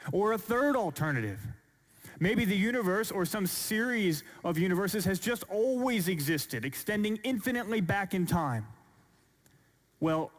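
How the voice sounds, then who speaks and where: A man with a somewhat high voice delivers a measured, earnest talk, building his case through rhetorical questions. He speaks to a large audience in a church hall, and a long reverb trails each phrase.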